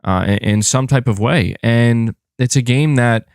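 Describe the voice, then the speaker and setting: A man hosting a gaming podcast in casual chat, reading viewer comments and talking in a monotone voice with a slightly sore throat. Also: mid-range voice, measured pace, dry recording, clean studio sound. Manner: rambling, restarts phrases, reads viewer comments aloud. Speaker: podcast host.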